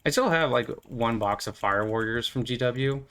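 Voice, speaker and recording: A man's voice: medium pitch, moderate pace, a bit bright. A young man with an ordinary mid-range voice rambles through his gameplay in loose, filler-heavy chatter. He keeps drifting into silly, playful asides as he talks to his viewers. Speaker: gaming channel host. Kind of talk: casual commentary while playing.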